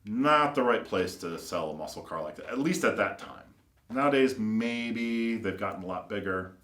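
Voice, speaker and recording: Brief: man, low voice, car builder spinning loose anecdotes, lots of "like", roomy echo. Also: expressive, moderate pace, fairly bright tone. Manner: rambling, filler-heavy, acts out quoted voices. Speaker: custom car builder and shop owner. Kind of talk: casual anecdotal storytelling.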